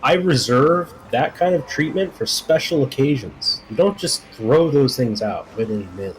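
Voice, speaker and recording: A man with a bouncy, expressive voice teasing his friends in casual chat on a call. He laughs often. A faint hiss runs under his voice. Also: medium pitch, moderate pace, rough recording.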